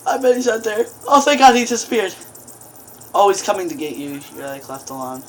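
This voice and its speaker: A woman's voice: medium pitch, brisk, slight background noise. A woman doing horror game commentary, jumpy, breaking into screams and laughs at the scares. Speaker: gaming video host.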